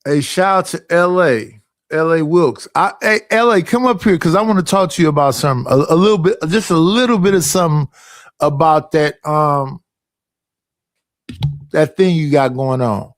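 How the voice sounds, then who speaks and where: A man's voice: fairly high pitch, moderate pace, dry recording. A man hosting a casual livestream, talking in a slangy, profane and emphatic way as he calls people up and rants. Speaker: livestream host.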